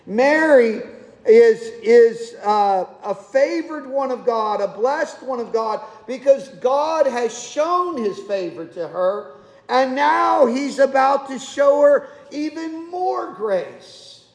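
A man with a very high voice preaches slowly and deliberately, taking his time over each thought. He keeps it conversational and asks his listeners rhetorical questions. The sound rings through a large church hall with a long, echoing reverb. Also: lively intonation. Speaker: pastor. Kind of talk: sermon.

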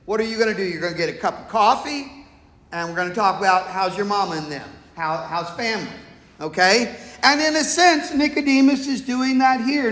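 A man's voice: sits high, fairly quick, a bit bright. A man preaching a casual, folksy sermon and reading scripture aloud, often asking his listeners questions. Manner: folksy, conversational, asks the congregation questions. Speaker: pastor. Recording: echoey hall with long reverb.

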